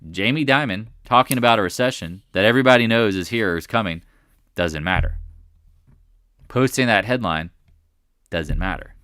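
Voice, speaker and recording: A man hosts a live market chat for his stock market stream, casual and emphatic, repeating points and rambling, with long pauses at normal speed. His lowish voice is a bit bright, and the recording is clean studio sound without echo.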